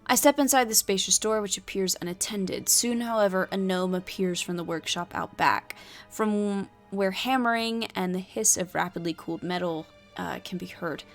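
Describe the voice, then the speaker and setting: A woman's voice: medium pitch, moderate pace, soft background music. Woman narrating a solo tabletop adventure. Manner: chatty, thinking aloud between narration.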